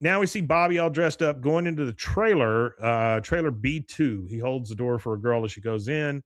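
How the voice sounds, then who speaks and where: A man co-hosting a podcast, recapping scenes with a lively, swooping voice. He talks casually, laughs often and leans on drawn-out "uh"s. The mic is close and dry. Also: medium pitch, dry recording. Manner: animated, laughs often, stretches words with "uh". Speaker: podcast co-host.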